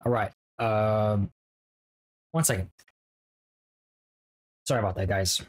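A man's voice: lowish voice, slow pace, rough recording. Chatty man rambling over gameplay. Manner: rambling and jokey, talking to viewers. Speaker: Let's Play host. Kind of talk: casual gameplay commentary.

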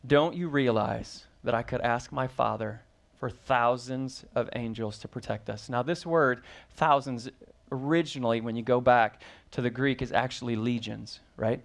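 A man's voice: mid-range voice, steady tone, normal speed, creaky. Man preaching a sermon. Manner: reads scripture then preaches with rising emphasis, asks the congregation questions. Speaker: pastor.

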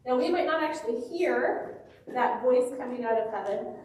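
A woman pastor leading a children's sermon in a church, gently asking the children questions. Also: high voice, measured pace, slight background noise. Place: church sanctuary. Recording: very echoey church, mic far off.

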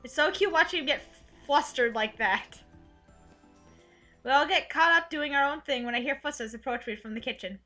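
A woman's voice: high-pitched, normal speed, faint music behind. A woman playing a visual novel with her sister, reading narration and joking casually. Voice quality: animated, joking. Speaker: let's play host. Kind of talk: casual chat while narrating a game.

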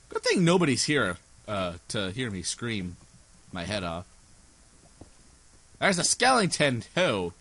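A man's voice: medium pitch, very animated, moderate pace, pushed and bright. A sleep-deprived man hosting a casual gameplay commentary, rambling giddily and breaking into screams and laughs. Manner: giddy, rambling, prone to sudden screams and laughter. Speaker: gaming channel host. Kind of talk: casual let's play commentary.

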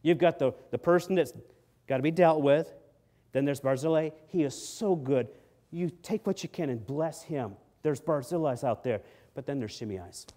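Pastor guy preaching hard, kinda high voice, goes quiet then loud, acts out the bible bits. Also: normal speed. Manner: emphatic preaching that swings between soft and loud; acts out quotes from the story. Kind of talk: sermon.

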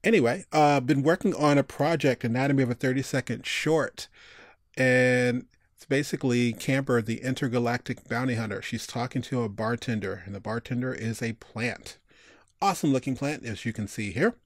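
Casting: laid-back man walking through an audio-editing tutorial, dry close sound, mid-pitched. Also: normal speed, no echo. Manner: relaxed, chatty, with frequent fillers. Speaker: tutorial host. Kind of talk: casual screen-recorded software tutorial.

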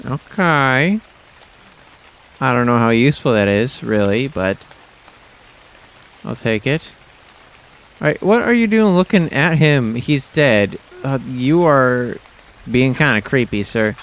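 Excitable man narrating his gameplay. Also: slow, pauses often, a little hiss or hum. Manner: excitable, yelps high when surprised, self-mocking. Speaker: gaming YouTuber. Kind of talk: casual let's-play commentary.

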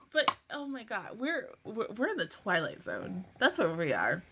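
A woman hosting a casual anime reaction review, emotional and swearing freely, dropping from low mutters to laughing, near-tearful outbursts. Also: huge pitch swings, unhurried, few pauses, pushed and bright, slightly rough.

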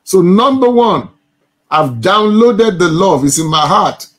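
Slow, emphatic male Bible teacher. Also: high voice, lively intonation, fairly bright tone. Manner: emphatic, repeats phrases for stress; addresses a listener as sir. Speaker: church minister.

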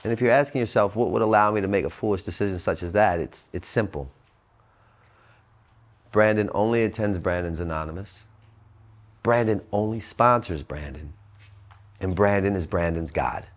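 A man in his forties speaking to an audience at a treatment center, blunt and profane, swinging between loud emphatic bursts and low quiet asides. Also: moderate pace, long pauses. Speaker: motivational speaker. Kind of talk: recovery talk to an audience.

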